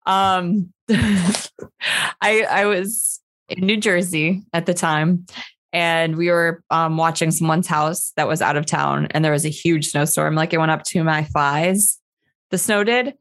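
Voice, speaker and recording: A woman's voice: fairly low pitch, takes it slowly. Giggly woman telling casual stories. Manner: animated, giggly storyteller. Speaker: podcast co-host. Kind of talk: casual storytelling chat.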